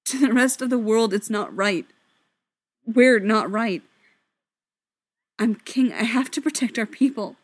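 A woman's voice: on the high side, a little slow, long pauses, no echo. Woman reading as a torn young dwarf king. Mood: strained. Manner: hushed, strained pleading.

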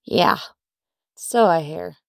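Woman reading brassy young waitress from New York, familiar, gravelly. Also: lowish voice, slow, no room sound, studio quality. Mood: teasing.

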